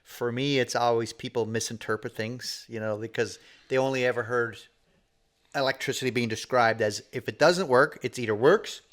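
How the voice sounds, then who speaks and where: A man's voice: mid-range voice, moderate pace. A man, co-hosting a casual podcast and telling stories with quoted voices and frequent laughs. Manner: animated storyteller, acts out quoted voices; laughs often. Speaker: podcast co-host. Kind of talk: casual storytelling chat.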